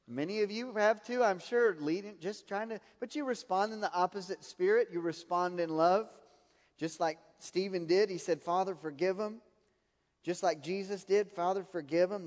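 A man's voice: high voice, big-room sound. A man preaching a sermon, telling personal stories and laughing at his own anecdotes.

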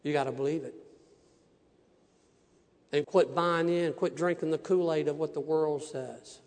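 A male minister preaching a testimony sermon, voicing each exchange with animation. His voice sits high for a man. The sound hangs in a long church reverb. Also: unhurried. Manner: animated storyteller acting out dialogues. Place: church sanctuary.

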